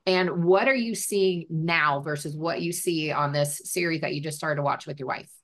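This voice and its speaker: Woman podcast host, lower-pitched voice, upbeat and encouraging, speaks her mind. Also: moderate pace. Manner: energetic, encouraging, outspoken. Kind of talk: interview conversation.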